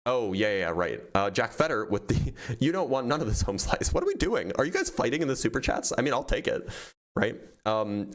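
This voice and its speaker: A man hosting a livestream, casually reading out donor messages and answering them with frequent laughs. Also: mid-range voice. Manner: reads donor messages aloud, laughs often. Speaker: streamer reading super chats.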